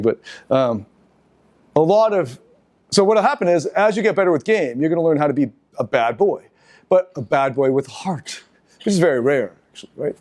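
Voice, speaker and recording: A middle-aged man giving a live seminar lecture, talking in an animated, halting way with restarts and asides to the audience. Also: medium pitch. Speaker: seminar speaker.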